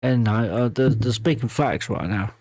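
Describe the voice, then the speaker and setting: A man hosting a music reaction video, talking in halting, emotional bursts full of fillers and restarts while fighting back tears. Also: mid-range voice. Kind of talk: casual reaction commentary.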